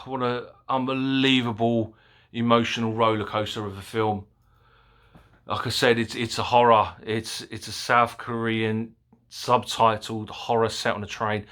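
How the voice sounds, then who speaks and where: A man giving a casual, excitable movie review, rambling with fillers and the odd swear word. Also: mid-range voice, a little slow. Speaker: film reviewer.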